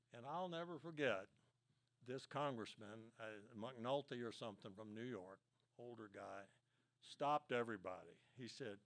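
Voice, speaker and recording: A man's voice: mid-range voice, moderate pace, a bit bright. Older man telling rambling war stories. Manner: rambling, folksy, many fillers and restarts. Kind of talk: casual storytelling talk.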